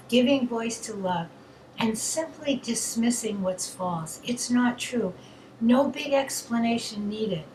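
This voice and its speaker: A woman with a fairly high voice gives a spiritual talk at a very slow, unhurried pace. Her phrases are soft, tender and drawn out. The sound is roomy, with a faint hiss behind her. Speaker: co-leader of an online spiritual session. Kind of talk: slow, gentle spiritual teaching.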